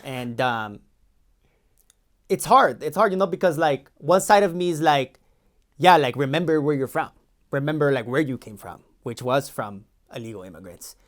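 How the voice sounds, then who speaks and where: A man's voice: medium pitch, lively intonation, normal speed, lightly acted. A man in his twenties playing a defensive, boastful young Mexican-American immigration agent with a Los Angeles valley accent, talking in a rambling, slangy way in an improvised comedy sketch. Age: 20s. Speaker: podcast co-host.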